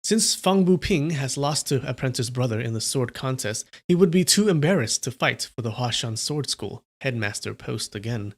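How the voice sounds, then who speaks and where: A man voicing a stern, sneering older sect master in a lowered voice, as he reads a story aloud. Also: animated, normal speed, few pauses.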